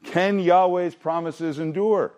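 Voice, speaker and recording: A middle-aged man preaching through a Bible passage in a conversational, animated way with frequent restarts. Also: sits high, slow pace. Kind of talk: expository Bible teaching.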